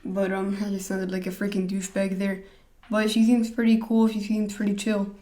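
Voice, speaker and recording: A man's voice: sits high, monotone, moderate pace, dark tone. A teenage boy telling a rambling, hesitant storytime to his vlog audience. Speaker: vlogger.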